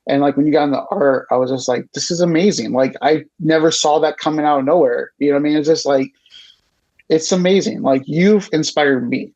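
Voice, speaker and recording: A man's voice: a little high, brisk, a little mellow. A man guest on a podcast, talking in an emotional, gushing, casual way. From Chicago area. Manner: emotional, gushing, repeats "you know what I mean". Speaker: podcast guest, record shop co-owner. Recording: dull lo-fi sound.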